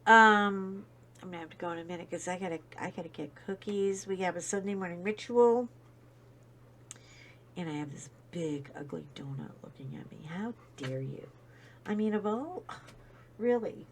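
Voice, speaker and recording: Chatty woman host, casual storytelling with lively swings. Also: fairly low pitch, normal speed, slight background noise. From United States. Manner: chatty storyteller, animated, wandering asides. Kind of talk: casual chat while coloring.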